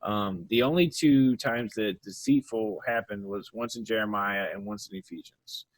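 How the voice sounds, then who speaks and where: A man with a fairly low voice talks through quiz tactics in a loose, chatty way. He restarts sentences often and slips in the occasional joke. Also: normal speed, dry recording, rough recording. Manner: chatty, joking, frequent restarts. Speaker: podcast host and quiz coach. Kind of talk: casual chat.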